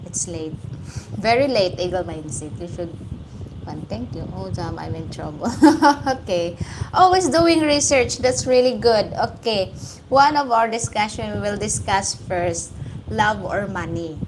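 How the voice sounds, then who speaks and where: A woman with a Filipino accent hosting a casual livestream chat, greeting viewers by name and laughing often. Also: mid-range voice. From Philippines. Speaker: livestream host. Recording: steady background noise.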